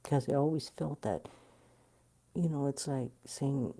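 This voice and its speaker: A middle-aged woman telling a personal story in an interview, animated and blunt, swearing freely. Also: extremely low pitch, unhurried, creaky, long pauses. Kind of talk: candid storytelling.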